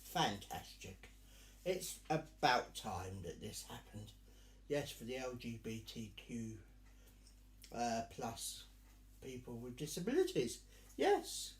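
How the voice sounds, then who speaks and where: A man's voice: medium pitch, echoey room. A man performing as a drag act, hosting in a camp, theatrical manner and calling the audience dear and darling. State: sweltering in costume. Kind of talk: live virtual Pride stage address.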